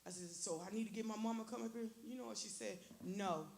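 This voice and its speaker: Gravelly woman testifying in church. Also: mid-range voice, quick pace, a little mellow. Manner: earnest, repeats phrases, quotes herself and her prayers. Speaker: church member giving testimony. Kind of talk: emotional personal testimony in church. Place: church sanctuary. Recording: echoey church with faint hiss.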